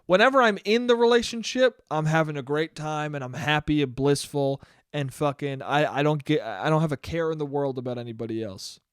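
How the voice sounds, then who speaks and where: A man's voice: on the high side, a little fast, hardly any pauses, clear, resonant tone, no echo, clean studio sound. A young man hosting a solo podcast, ranting in a profane, self-mocking way and acting out the voices in his head. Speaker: podcast host. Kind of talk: solo comedic monologue.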